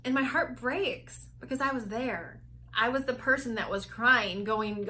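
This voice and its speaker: A woman's voice: high voice, normal speed, sharp tone. A woman weight loss coach talking energetically and candidly in a motivational vlog, with lots of "like" and restarts.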